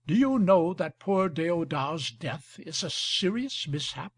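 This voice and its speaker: A man doing a sly, gouty old nobleman, a marquis who schemes and flatters. the voice is gravelly and husky, slow and drawn out, and it swings up and down a lot as he talks. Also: on the high side, full character voice. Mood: wry. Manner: ironic, flattering, smooth talker. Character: scheming older male marquis with gout, cynical.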